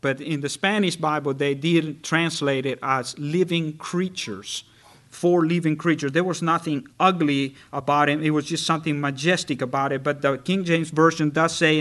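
A man preaching a sermon, reading scripture slowly and earnestly and rising in pitch and volume when he stresses a point. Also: fairly even intonation, a bit bright. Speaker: pastor.

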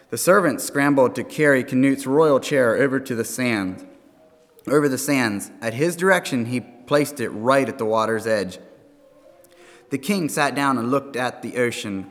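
Man preaching a sermon in a reverberant hall. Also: medium pitch. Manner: earnest, halting, with restarts.

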